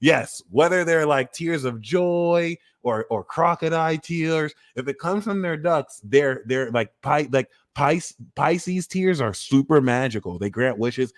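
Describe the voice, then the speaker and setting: A man hosting an astrology livestream, ranting in a casual comedic way, animated, slangy and profane, laughing at his own jokes. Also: fairly high pitch, measured pace, hardly any pauses.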